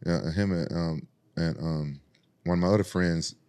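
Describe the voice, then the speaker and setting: A man from Memphis, a podcast guest telling profane, animated stories about street fights and jumping high in pitch to quote other people. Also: moderate pace, smooth. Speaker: podcast guest, former UFC champion. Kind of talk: casual storytelling.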